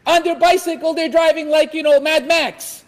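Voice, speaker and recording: A man giving a religious lecture in an animated way, acting out everyday scenes. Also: very high voice, normal speed. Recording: echoey hall.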